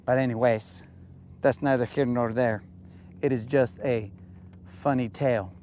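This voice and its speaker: A young man from New Mexico, talking casually and joking while bass fishing from a boat on a lake. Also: steady tone, dark tone, a little hiss or hum. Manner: laid-back, jokey, drawn-out playful lines. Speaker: fishing vlogger.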